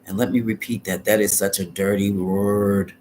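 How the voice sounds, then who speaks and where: A man's voice: fairly low pitch, little pitch movement, moderate pace, a little mellow, a little hiss or hum. A man giving a live tarot reading in a dramatic, colloquial, sassy way, sometimes dropping into whispered asides. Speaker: tarot reader.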